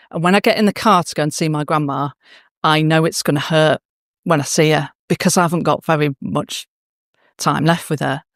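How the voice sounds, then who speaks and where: A woman with a fairly low voice gives a conference talk to teachers in a conference hall, recounting emotional classroom moments with many fillers and restarts. The audio is dry and clean, of studio quality.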